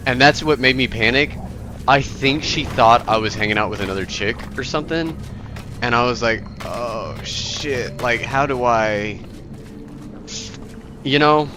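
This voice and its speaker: A man's voice: medium pitch, background noise. A man chatting casually with friends while gaming, teasing and swearing. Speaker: gaming streamer. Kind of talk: casual chat.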